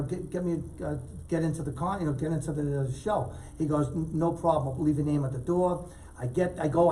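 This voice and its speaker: A man telling animated stories as a guest in a casual talk show chat, acting out the people he quotes. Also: a little high, recorded from a distance, a little hiss or hum, poor audio. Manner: animated storyteller, acts out quotes loudly. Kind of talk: storytelling chat.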